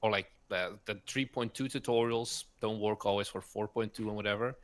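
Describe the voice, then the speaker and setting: A man's voice: on the low side, steady tone. A man co-hosting a casual game development podcast chat, filling his talk with "like" and "basically". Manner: quick, with lots of "like" and "basically". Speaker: co-host.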